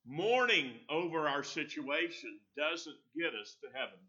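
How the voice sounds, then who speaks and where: Bright-voiced male preacher, earnest sermon. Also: a little high, expressive, unhurried, dull audio. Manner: earnest, emphatic, acts out quoted voices.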